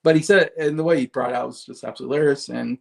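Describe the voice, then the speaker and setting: A man's voice: mid-range voice, steady tone, very fast, vocal fry. A man giving a casual solo commentary on movie awards, chatty, with frequent fillers and laughs.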